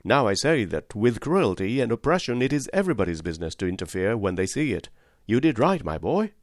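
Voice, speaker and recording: A man's voice: on the low side, sing-song, fairly quick, no room sound, studio quality. A man reading an audiobook and voicing a kindly head groom who speaks in a fatherly, approving manner.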